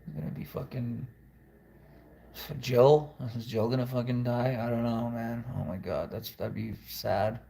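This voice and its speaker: A man with a gravelly, fry-edged voice at an ordinary middle pitch talks in a loose confessional ramble. He is blunt and profane and drifts from one thought to the next. It sounds like one long unscripted video monologue. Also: steady tone, a little slow, warm tone, a little hiss or hum. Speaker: musician vlogger.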